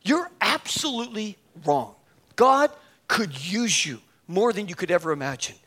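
A man with a husky, high-pitched voice delivers a sermon at a moderate pace. He shares a comic, self-deprecating story from his own life, acting out the lines, and then exhorts his listeners, occasionally building to a shout.

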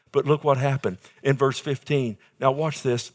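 A man's voice: steady tone, fairly quick. Male pastor, dramatic sermon delivery with big swings in volume. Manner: preaching with dramatic swings in volume and pitch, calling for amens.

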